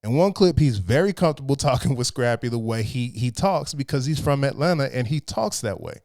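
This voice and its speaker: A man's voice: medium pitch, expressive, darkish tone. A young man from Texas, giving casual, blunt and profane commentary. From Texas, USA. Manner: blunt and profane, drawn-out asides.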